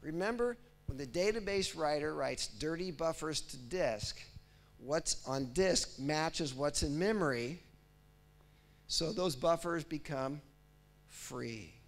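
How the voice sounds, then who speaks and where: This is a man lecturing at a technical conference, with a voice sitting somewhat high for a man. He casts himself as the software doing the work and talks the audience through each step. His tone stays chatty and animated throughout. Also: slow pace, vocal fry. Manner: lively, speaks as if he were the process, often checks in with "right?" and "okay?". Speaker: technical presenter.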